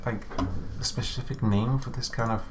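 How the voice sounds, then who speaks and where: A man co-hosting a game developer stream, chatting casually and joking, with halting restarts. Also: medium pitch, steady tone, a little hiss or hum. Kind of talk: casual chat while playing.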